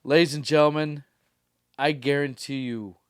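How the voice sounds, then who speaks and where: A man co-hosting a comedy podcast, telling a road-gig story in a casual, animated way and briefly acting out the people in it. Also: a little high, normal speed, clear, resonant tone, no room sound, clean studio sound. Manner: animated storyteller, acts out voices in quotes.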